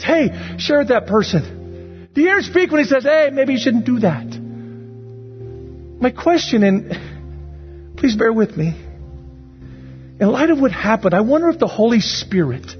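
A high-voiced man preaches a sermon, pressing his listeners with one earnest question after another. The sound is dull and lo-fi, with faint music underneath. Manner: earnest, repeated searching questions. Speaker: pastor.

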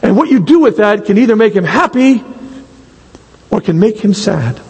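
A man's voice: sits high, big pitch swings, normal speed, darkish tone, husky, long reverb tail, rough recording. A man preaching a sermon in a church, asking the congregation rhetorical questions and acting out little quotes. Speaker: pastor.

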